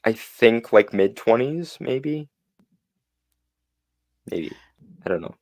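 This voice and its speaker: A man's voice: mid-range voice, lively intonation, slow pace, a little mellow, no room sound. A man co-hosting a podcast in casual chat, with a sardonic, mock-threatening manner. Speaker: podcast co-host.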